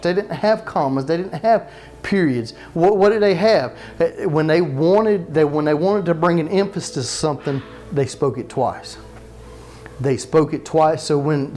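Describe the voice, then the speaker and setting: A man with a fairly high voice preaching to his congregation in a relaxed, talky way. He keeps asking the room questions and answers them himself. He repeats key phrases twice for weight and slips in light jokes. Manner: repeats phrases for emphasis, joking asides. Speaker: pastor. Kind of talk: sermon. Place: church sanctuary with live congregation.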